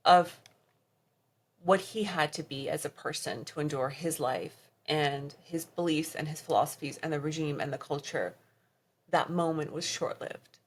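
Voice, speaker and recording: A woman guest on a podcast interview, telling her own story of trauma with emotion, her voice dropping soft and quiet at the hardest moments. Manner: quotes others in her story, voice drops low and soft at hard moments.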